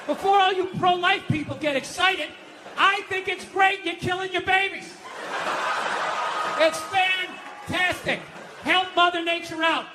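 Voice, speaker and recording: A man doing a stand-up routine, ranting loudly and dropping to a low mutter. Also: heavy background noise. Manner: loud ranting, swings from shouting to low mutter. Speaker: stand-up comedian. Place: comedy club stage.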